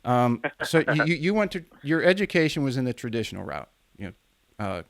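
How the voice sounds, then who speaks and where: A man with a gravelly, creaky voice, hosting an interview podcast. He asks long, winding questions, hesitating and restarting as he goes. The sound is dry and close, with no room around it. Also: medium pitch, very animated, a little fast, fairly bright tone, no room sound. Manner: hesitant, repeats words and restarts his questions. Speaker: podcast host.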